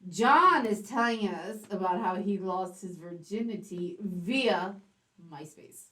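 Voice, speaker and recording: A woman's voice: mid-range voice, takes it slowly, bright, forceful tone. A woman hosting a casual chat, playful and reactive, often laughing and gasping. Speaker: podcast host. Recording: distant from the mic.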